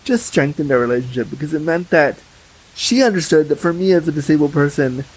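A man's voice: on the high side, animated, fairly quick, husky, low-quality recording. A young man talking frankly and chattily as a podcast guest, full of fillers. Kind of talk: candid casual conversation.

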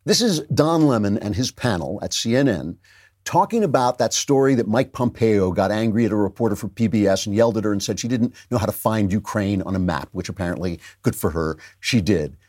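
Animated sarcastic male podcast host. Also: lowish voice, fairly quick. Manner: sarcastic, indignant, laughs often. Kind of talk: opinionated political commentary.

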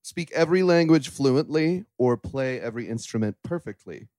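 A man's voice: medium pitch, animated, moderate pace, darkish tone, dry recording. Easygoing man, dry close sound. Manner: easygoing, playful, laughing. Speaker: co-host, partner. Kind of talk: casual chat.

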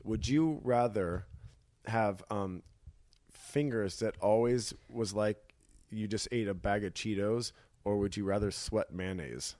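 A man's voice: on the low side, a little slow, darkish tone. A young man co-hosting a casual chat, jokey and self-mocking, laughing a lot. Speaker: podcast co-host.

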